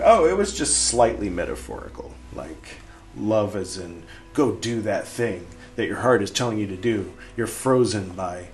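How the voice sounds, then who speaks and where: A man's voice: on the low side, sing-song, measured pace, vocal fry. A man hosting a podcast, reading passages and rambling through casual commentary with restarts and dips into a near-whisper. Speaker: podcast host.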